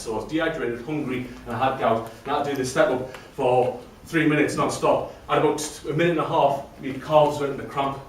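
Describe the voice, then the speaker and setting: A man's voice: medium pitch, steady tone, fast talker, few pauses, slight background noise. A man telling his own story to a live audience, chatty and self-deprecating. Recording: very echoey room from a distant mic, faint ambience.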